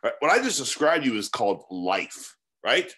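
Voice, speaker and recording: A man's voice: medium pitch, sing-song, moderate pace, sharp tone. A man in his forties coaching newcomers in a loose, motivational way. His voice rises and falls a lot, and he keeps circling back with rhetorical questions and filler words. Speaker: real estate mentor. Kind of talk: casual motivational teaching.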